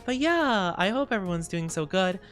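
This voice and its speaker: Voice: mid-range voice, animated, moderate pace, fairly bright tone, smooth, faint music behind. A VTuber streamer in a casual, playful livestream chat, greeting viewers and rambling with giggles and fillers.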